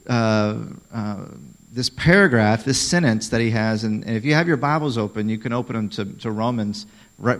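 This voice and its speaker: A man's voice: mid-range voice, low-quality recording. Conversational male pastor preaching. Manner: conversational, emphatic, asks questions. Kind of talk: sermon.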